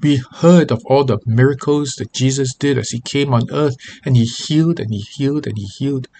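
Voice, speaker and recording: A man's voice: mid-range voice, a little fast, dark tone. A man giving a devotional talk as a pastor, earnest and reading scripture aloud with feeling. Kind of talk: devotional Bible teaching.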